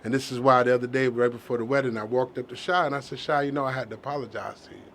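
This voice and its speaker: A man's voice: mid-range voice, steady tone, very fast, a bit bright, slight background noise. Sentimental middle-aged man, earnest talk. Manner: earnest and sentimental, with many restarts. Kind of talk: heartfelt casual conversation.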